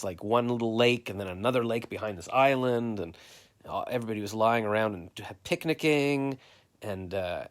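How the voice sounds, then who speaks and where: A Canadian man rambling through a story of his day on a live stream, quoting everyone with "I'm like" and "he's like.". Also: medium pitch. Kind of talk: casual live-stream chat.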